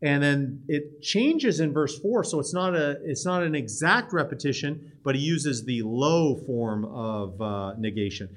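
A man teaching a psalm in casual classroom style, lively and emphatic, with frequent restarts and asides. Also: fairly high pitch, a little slow, hardly any pauses. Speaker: Bible teacher.

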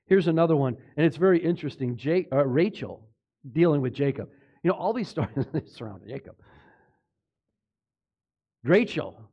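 A male pastor delivers an emphatic sermon in a fairly high voice that swings widely up and down. He peppers the congregation with rhetorical questions. He often trips over a name and quickly corrects himself. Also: a little mellow, muffled recording.

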